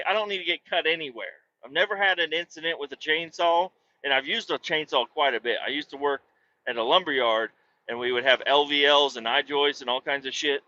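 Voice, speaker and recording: Man, podcast host, casual profane storytelling, bright forceful voice, muffled lo-fi recording. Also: medium pitch, a little hiss or hum. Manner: profane, animated, acts out voices with loud yelps.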